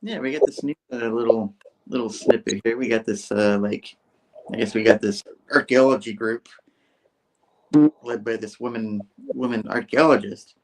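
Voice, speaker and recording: A man's voice: lowish voice, fairly even intonation, normal speed, slight background noise, rough recording. A man co-hosting a casual chat show, retelling a comic book scene by scene. His delivery is loose and rambling, full of fillers and restarts. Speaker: co-host reading a comic aloud.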